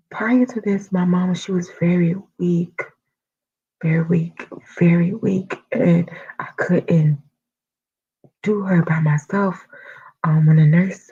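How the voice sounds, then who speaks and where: Husky, slow-talking middle-aged woman. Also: on the low side, mellow, lo-fi sound. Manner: halting and emotional, often dropping to a whisper. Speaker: guest sharing a family loss. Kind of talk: personal storytelling.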